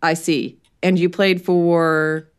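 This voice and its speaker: A woman voicing a calm male police inspector who asks his questions evenly and precisely. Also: fairly low pitch, slow pace, clean tone. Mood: probing.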